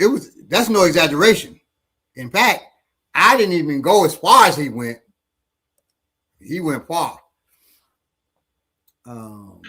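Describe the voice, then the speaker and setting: A man with a husky voice, pitched somewhat high, tells a story to friends at an easy pace. He stops and restarts his sentences often, repeating words as he thinks. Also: sharp tone. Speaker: martial arts instructor. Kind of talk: casual storytelling in a panel discussion.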